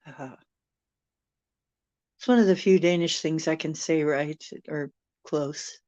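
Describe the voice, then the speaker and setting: A woman's voice: low-pitched, steady tone, slow pace, a little mellow, dry recording. A woman hosting a casual livestream chat who talks in a jokey, chatty way and laughs easily. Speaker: channel host.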